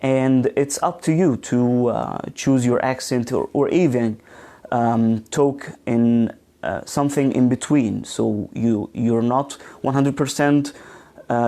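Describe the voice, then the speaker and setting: A man giving a live online pronunciation lesson, speaking slowly with frequent ums and restarts and reading out viewer comments. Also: mid-range voice, dark tone. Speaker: English teacher trainer. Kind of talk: live online teaching session.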